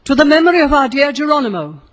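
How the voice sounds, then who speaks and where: A woman's voice: high voice, sing-song, quick pace, in a large hall, pitched above the performer's own voice. A woman reading the lines of a grave and mysterious monk in a spoken story. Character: mysterious grave male monk, solemn stranger.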